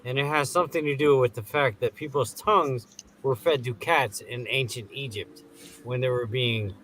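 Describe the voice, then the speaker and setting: A man's voice: medium pitch, normal speed, fairly bright tone, a little hiss or hum. A man co-hosting a casual movie review podcast, cutting in with jokes and trivia asides. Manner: joking, interjecting with trivia asides. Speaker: podcast co-host.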